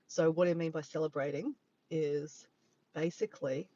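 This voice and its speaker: A man's voice: fairly high pitch, steady tone, normal speed, dark tone, highs cut off. An Australian man chatting on a casual livestream from his phone in a parked car by the beach, rambling and easily sidetracked. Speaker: vlogger. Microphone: handheld phone camera.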